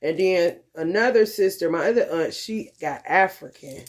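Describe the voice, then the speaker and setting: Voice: medium pitch, moderate pace. A vlogger talking in a loose, profane monologue, laughing often and calling listeners honey and baby. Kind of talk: casual monologue.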